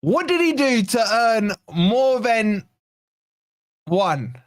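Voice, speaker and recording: A man with a fairly high voice hosts a football reaction stream. He sounds exasperated and sarcastic, rambling through ratings. The sound is dry and close, with no room around it. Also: very animated, extremely slow, no room sound. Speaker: fan channel host. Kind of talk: post-match reaction livestream.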